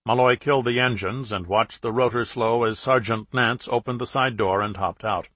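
A man narrating a thriller audiobook in steady, clear storytelling. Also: medium pitch, moderate pace, few pauses, dry recording. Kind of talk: scripted narration.

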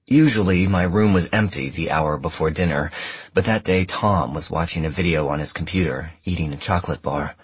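A man narrating a first-person story in a measured, even way on a close studio mic. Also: deep voice, slightly rough, no echo. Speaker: audiobook narrator.

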